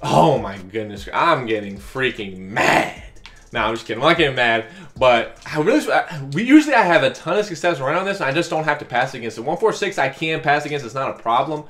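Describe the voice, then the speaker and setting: A man giving live commentary over his own football video game, talking strategy to viewers and yelling at big plays. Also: on the high side, animated, fast, few pauses. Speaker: gaming YouTuber.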